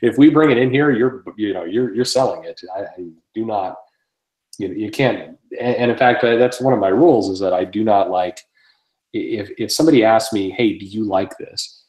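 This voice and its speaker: Brisk and lowish, with a darkish tone, the man who runs a comic shop swaps meandering stories on a podcast, swearing plenty and laughing often. It sounds like an echoey room.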